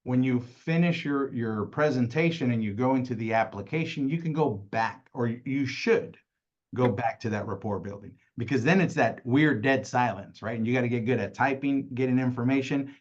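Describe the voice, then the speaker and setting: A man leading a casual sales training, animated, laughing often and tagging nearly every point with "right?". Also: medium pitch. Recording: slightly dull lo-fi audio.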